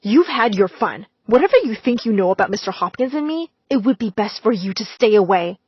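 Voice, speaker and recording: A woman voicing a defiant middle-aged female teacher who speaks firmly and loudly. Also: mid-range voice, lively intonation, a little fast, husky, dry recording. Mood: warning. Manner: firm, forceful, raised voice. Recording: slightly dull, dry recording.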